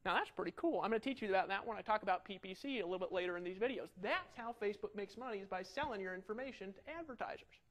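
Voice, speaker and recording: A middle-aged man giving an energetic marketing webinar, animated and ranting, full of rhetorical questions. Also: high voice, racing, hardly any pauses. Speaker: online marketing instructor.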